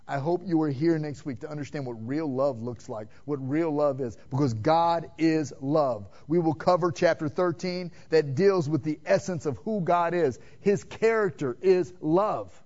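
A man preaching a sermon, asking the congregation questions and swinging between loud emphatic calls and hushed, quiet passages. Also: fairly high pitch, moderate pace, few pauses. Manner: direct, addresses listeners with "man" and rhetorical questions. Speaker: pastor. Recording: dull lo-fi sermon recording.

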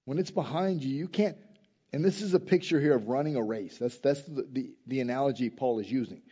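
A man preaching a sermon in a casual, conversational way, swinging from loud emphasis to quiet intensity. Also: medium pitch, brisk, slightly rough, dull audio. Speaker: pastor.

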